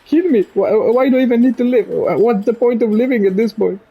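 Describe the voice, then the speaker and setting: A young man from Israel, crying as he speaks straight to camera, halting and repeating himself, swearing as his voice breaks. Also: very high voice, gravelly, breathy edge. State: crying, choked up. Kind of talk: emotional direct-to-camera monologue. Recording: dull lo-fi recording.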